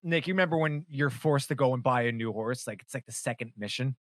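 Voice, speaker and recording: A man co-hosting a podcast, telling game stories in a casual, animated way with laughter and swearing. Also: medium pitch, fast talker, dry recording, studio quality. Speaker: podcast co-host. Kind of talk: casual chat about video games.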